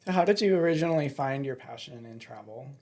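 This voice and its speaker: A man's voice: medium pitch, lively intonation, quick pace, a little mellow. A man hosting a podcast, asking questions and chiming in with short, friendly comments in a casual interview. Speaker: podcast host.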